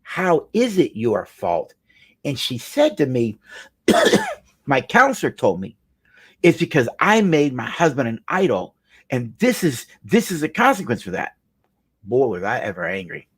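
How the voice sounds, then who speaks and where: A man's voice: medium pitch, huge pitch swings, a little slow, slightly rough. A middle-aged male marriage counselor telling a client story in an earnest, emphatic way, often repeating phrases for weight. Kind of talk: storytelling talk.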